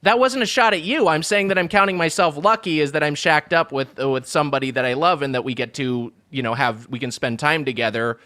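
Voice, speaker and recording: A man's voice: a little high, brisk, few pauses, pushed and bright. A man co-hosting a comedy podcast who talks in an earnest, careful way that tends to over-explain. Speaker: co-host. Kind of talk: casual comedic chat.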